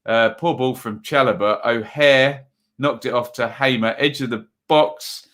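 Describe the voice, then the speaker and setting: This is a man hosting a live football stream in a relaxed, chatty way. His voice is bright and forward and sits in a middle pitch. He rambles loosely with plenty of fillers, reading out viewer comments between quick match updates.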